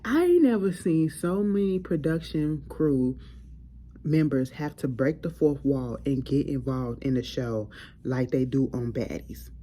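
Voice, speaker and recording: A woman hosting a casual, profane chat, recapping reality TV in a blunt, animated way. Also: extremely low pitch, a little slow. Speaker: host.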